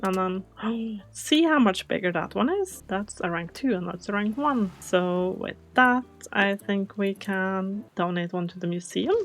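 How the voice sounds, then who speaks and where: Brief: soft, chatty woman, mid pitch, casual game commentary. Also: unhurried. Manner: soft-spoken, chatty, easily confused. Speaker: gaming channel host.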